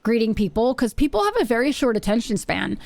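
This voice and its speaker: A woman's voice: fairly high pitch, sing-song, fast talker, vocal fry, darkish tone, dry recording. A woman live-streaming from her home setup, chatting casually with her viewers in a rambling way and often repeating her phrases. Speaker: Twitch streamer.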